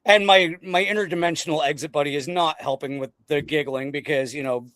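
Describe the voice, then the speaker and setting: A man hosting a casual podcast chat, excitable and rambling, often breaking into laughter. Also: fairly high pitch, brisk, background noise. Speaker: podcast host.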